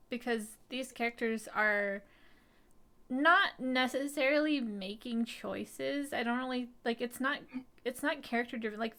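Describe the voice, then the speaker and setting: A woman's voice: a little high, creaky, fairly bright tone. A woman co-hosting a live film discussion stream, chatting casually with lots of fillers and little hedges.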